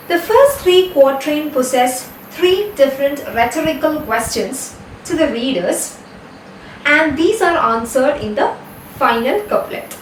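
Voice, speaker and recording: An Indian English woman with a high voice lectures on literature for a class video, explaining patiently and correcting small slips. Her voice comes from a little way off in a roomy, echoing space with faint background hum. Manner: explanatory, steady, with occasional self-corrections. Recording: echoey room, voice from a distance, faint ambience.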